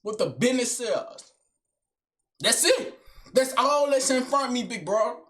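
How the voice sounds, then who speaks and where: A young man doing a high-energy comedic rant to camera, slangy and swaggering, swinging between shouting and low mutters. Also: expressive, a little slow. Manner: slangy, keeps tagging lines with son and big brother. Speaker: comedic vlogger.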